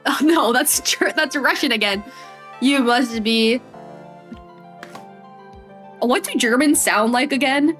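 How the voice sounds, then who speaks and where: A woman's voice: fairly high pitch, animated, slow pace, long pauses, fairly bright tone, soft background music. A young woman streaming a video game, chatting casually and giggling at herself. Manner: giggly, chatty, self-mocking. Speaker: VTuber streamer. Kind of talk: casual gaming stream chat.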